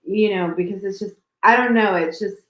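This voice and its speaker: A woman's voice: mid-range voice, moderate pace, fairly bright tone. A woman co-hosting a podcast in casual chat, talking emotionally and gushingly with many fillers. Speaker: podcast co-host. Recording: roomy echo.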